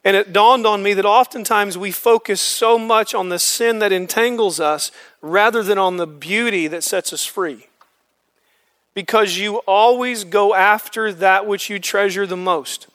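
A man's voice: high-pitched, unhurried, a bit bright. A man leading a men's Bible study, explaining scripture earnestly and using homespun examples.

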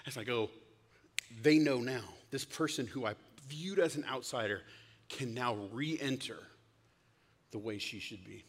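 A male pastor giving a casual, conversational sermon, lively and acting out the lines he quotes. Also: medium pitch, unhurried, breathy edge. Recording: long hall reverb.

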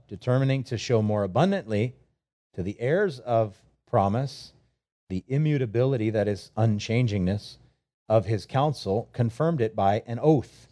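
A middle-aged man delivers a relaxed, conversational sermon in a mellow, warm voice. He reads scripture aloud, slips in light jokes, and acts out short imagined prayers. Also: mid-range voice. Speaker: pastor.

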